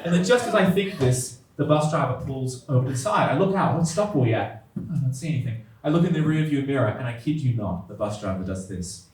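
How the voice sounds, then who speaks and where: A young man performing a stand-up story, switching between deadpan narration and exasperated, disbelieving outbursts. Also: medium pitch, quick pace, slight background noise. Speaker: stand-up comedian. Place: comedy venue stage. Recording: echoey venue heard from a distance with music.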